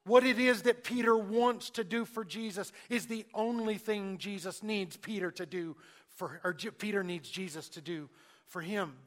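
Guy preaching a sermon, kinda high voice, gets loud then drops to a hush. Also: normal speed. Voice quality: acts out quoted speech of Jesus and Peter. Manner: dynamic, swings between loud emphasis and hushed asides.

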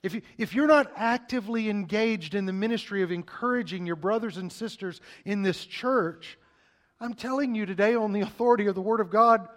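A middle-aged man preaching from the pulpit in a fairly high voice. He drives his points home emphatically and tumbles over repeated words when he gets going. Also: expressive, brisk, fairly bright tone. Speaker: pastor. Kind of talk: sermon.

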